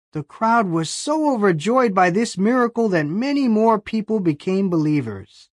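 Lively expressive bible lesson narrator. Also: medium pitch, breathy edge, no room sound, clean studio sound.

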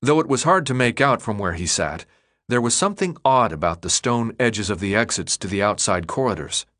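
Expressive male audiobook narrator. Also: fairly low pitch, brisk. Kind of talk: scripted narration.

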